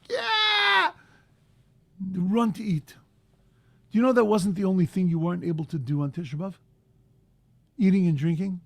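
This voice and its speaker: A man giving a sermon as a rabbi, impassioned, rising to loud emphatic peaks, mixing in Hebrew terms and translating them. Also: fairly high pitch, vocal fry, no room sound.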